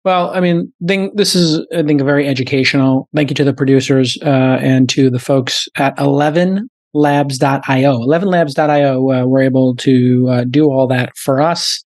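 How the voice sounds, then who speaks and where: A man's voice: medium pitch, steady tone, normal speed, hardly any pauses, darkish tone, dry recording. A middle-aged man hosting a podcast, riffing animatedly with plenty of fillers. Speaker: podcast host. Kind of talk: casual chat.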